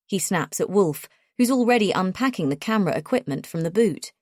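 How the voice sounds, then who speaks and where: Low-voiced woman narrating a thriller. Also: lively intonation, normal speed, darkish tone, no room sound, studio quality. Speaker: audiobook narrator. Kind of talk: first-person thriller narration.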